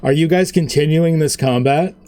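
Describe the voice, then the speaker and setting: A man's voice: fairly high pitch, warm tone. A man running a tabletop game as game master, narrating with rambling asides. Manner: rambling, quick asides with fillers.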